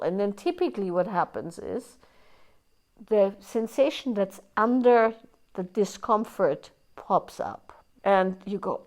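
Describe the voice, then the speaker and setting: A woman's voice: on the low side, unhurried, darkish tone. A woman teaching a live workshop in a conversational way, often checking in with "right?" and acting out inner voices in quoted asides. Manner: conversational, keeps asking "right?".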